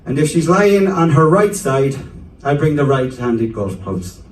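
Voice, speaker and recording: A man's voice: fairly high pitch, big pitch swings, unhurried. A man voicing a sly, easygoing Irish golfer with a chirpy, matter-of-fact delivery in a stand-up joke. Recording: echoey club room from a distance.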